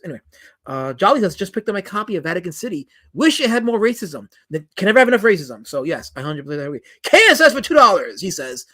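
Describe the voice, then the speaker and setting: A man's voice: sits high, fairly bright tone. A man hosting a livestream, reading viewer chats aloud and answering them in a joking, mock-indignant way that trails off into mumbles. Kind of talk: rambling livestream chat.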